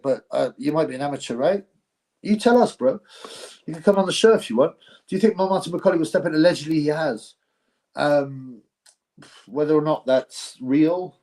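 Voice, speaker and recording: A man's voice: fairly high pitch, normal speed, mellow. A man hosting a live boxing stream, chatting casually to viewers in a blunt, rambling, slangy way. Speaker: host of a live boxing show.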